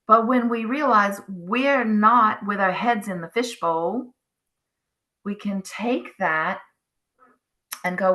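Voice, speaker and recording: A middle-aged woman hosting a spiritual wellness talk, calmly guiding listeners and acting out their inner thoughts. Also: mid-range voice. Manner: slow, soothing, acts out inner voices. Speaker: spiritual wellness channel host. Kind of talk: guided self-help talk.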